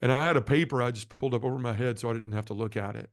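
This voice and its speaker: A middle-aged man tells his own conversion story at a quick clip, his voice sitting at an ordinary pitch. He speaks earnestly and from the heart. The sound is dry and close, with no room echo. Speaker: guest sharing a conversion testimony. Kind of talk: emotional personal testimony.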